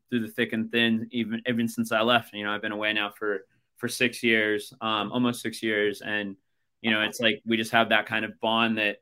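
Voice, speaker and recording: Bright-voiced American man telling stories. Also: lowish voice, smooth. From United States. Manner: rambling storytelling full of fillers. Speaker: podcast host. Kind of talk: casual chat.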